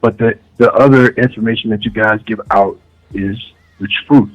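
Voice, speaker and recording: A man calling in to a talk radio show, a little hoarse, speaking earnestly and often asking "you see what I'm saying". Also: fairly low pitch, steady tone, moderate pace. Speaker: caller. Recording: dull lo-fi phone call.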